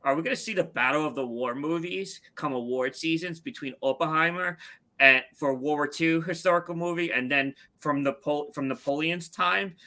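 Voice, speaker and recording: A man co-hosting a casual film podcast, talking excitedly and repeating himself. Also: on the high side, moderate pace. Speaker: podcast co-host. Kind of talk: casual chat.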